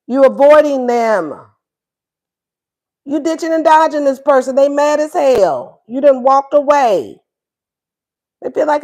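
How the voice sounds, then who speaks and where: A woman's voice: high voice, animated, measured pace, long pauses, darkish tone. A woman giving a casual tarot reading, sassy and acting out what the lovers would say. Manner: sassy, acts out voices of both lovers. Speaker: tarot reader.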